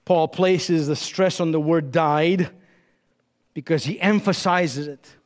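Pastor guy preaching, high voice, lots of pauses and big swells, echo trailing off in the sanctuary. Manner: dramatic pauses, emphatic rises and drops. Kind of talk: sermon.

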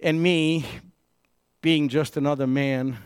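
A man's voice: a little high, fairly even intonation, takes it slowly, clear, resonant tone, dry recording. Emphatic preacher man, dry close sound. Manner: swings from raised, emphatic preaching to hushed, intimate storytelling; repeats and restarts words when telling stories. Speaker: pastor. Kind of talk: sermon.

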